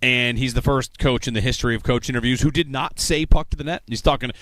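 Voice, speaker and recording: A man hosting sports talk radio, rambling conversationally and plugging the show's lineup. His voice sits at an ordinary pitch. It is recorded close and dry in a studio. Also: quick pace, fairly bright tone, no echo. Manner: conversational, rambling, reads promos.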